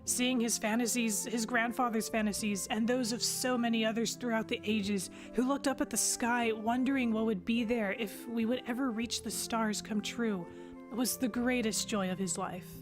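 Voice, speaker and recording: A woman's voice: on the high side, steady tone, moderate pace, natural voice. A woman voicing an earnest young female starship captain on her first command, narrating her log in the first person. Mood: reflective. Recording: music playing underneath.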